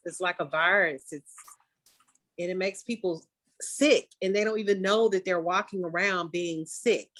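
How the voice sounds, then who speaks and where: A woman artist hosting a casual conversation, talking candidly and emphatically and often breaking into animated quoted outbursts. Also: medium pitch, no echo. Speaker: artist and podcast host.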